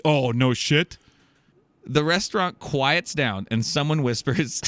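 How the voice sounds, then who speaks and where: A man's voice: medium pitch, dry recording. A man hosting a comedy podcast, reading a listener's story aloud with joking asides and laughter. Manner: animated, laughing, jokey interjections. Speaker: podcast host.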